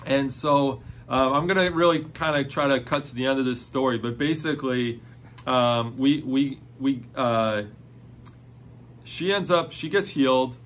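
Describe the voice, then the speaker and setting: A man telling a personal faith testimony in an excited, storytelling way, full of "like" fillers. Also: medium pitch, a little slow, slight background noise.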